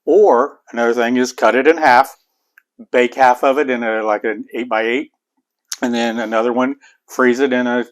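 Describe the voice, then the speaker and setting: A man's voice: medium pitch, fairly even intonation, moderate pace. A middle-aged man with an Appalachian accent, chatting casually to viewers as host of his home cooking channel. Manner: chatty, rambling, folksy. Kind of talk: casual cooking vlog talk. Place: home kitchen.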